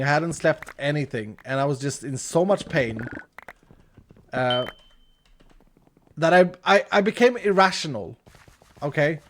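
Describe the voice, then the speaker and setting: A man's voice: a little high, a little slow, long pauses. A man in his thirties from Sweden, speaking English as he animatedly tells a story while gaming on a live stream. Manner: animated, with restarts and laughter.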